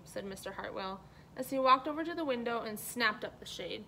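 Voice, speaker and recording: Bright-voiced woman reading a children's story. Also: a little high, expressive, brisk, gravelly, slight background noise, rough recording. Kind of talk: children's story read-aloud.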